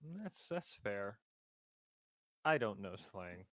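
Dry-sounding young man, low-key and teasing. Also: very animated, takes it slowly, a bit bright, dry recording. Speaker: podcast co-host. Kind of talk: casual chat.

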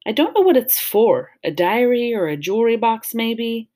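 Woman reading as a shy quiet girl in a storybook, soft, hesitant, a touch higher voice. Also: sing-song, normal speed.

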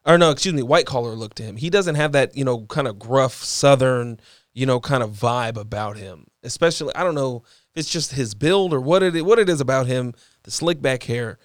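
A man co-hosting a podcast, chatting casually about a movie and often pausing to search for words. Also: mid-range voice, no room sound, studio quality. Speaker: podcast co-host. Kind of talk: casual movie review chat.

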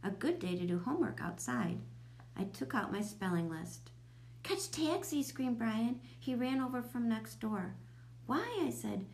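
A woman's voice: mid-range voice, expressive, moderate pace, gravelly, darkish tone. A woman reading a children's chapter book aloud, raising her voice for the children's lines. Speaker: storybook reader. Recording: echoey room with faint hum.

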